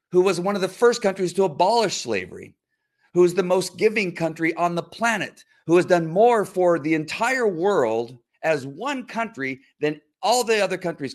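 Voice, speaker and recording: A man ranting straight to the camera, sarcastic, speaking to a critic by name with many restarts. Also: sits high. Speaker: social media commenter. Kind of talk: direct-to-camera rant.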